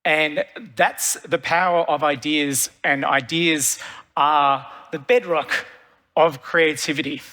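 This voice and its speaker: A man's voice: on the high side, fairly even intonation, takes it slowly, sharp tone. A middle-aged man giving a keynote talk, telling stories energetically and repeating phrases for effect, on a conference stage. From Australia. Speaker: keynote speaker, creative director. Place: large conference hall stage. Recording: long reverb of a large hall.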